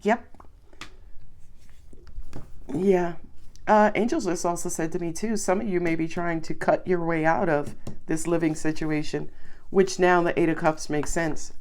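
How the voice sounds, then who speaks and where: A woman's voice: fairly low pitch, steady tone, measured pace, pauses often, darkish tone. A woman with a Southern US accent giving a chatty, reassuring tarot reading to her viewers. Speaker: tarot reader.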